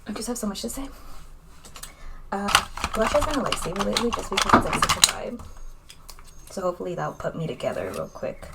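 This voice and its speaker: A woman's voice: mid-range voice, big pitch swings, quick pace, vocal fry, pauses often, very noisy. A young woman chatting casually in a makeup vlog, rambling and candid, with lots of fillers as she talks. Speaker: vlogger.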